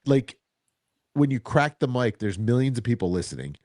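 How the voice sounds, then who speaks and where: A man co-hosting a podcast, from New Jersey, telling a lively story and acting out the people in it. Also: medium pitch, normal speed, dry recording, studio quality. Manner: animated storyteller, acts out quoted voices. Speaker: podcast co-host. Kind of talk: casual podcast chat.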